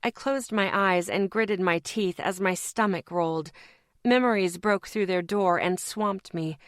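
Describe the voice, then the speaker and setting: A woman reads a dark paranormal audiobook in first person, unhurried and deliberate. Her delivery is measured and intense, pulled along by the emotion of the scene. The sound is close and dry, straight from a booth. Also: mid-range voice, no room sound. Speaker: audiobook narrator.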